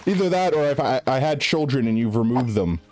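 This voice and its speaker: A man's voice: medium pitch, lively intonation, fairly quick, darkish tone. Giggly rambling male streamer. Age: adult. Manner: giggly, rambling, with frequent restarts. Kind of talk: casual live-stream chat while gaming.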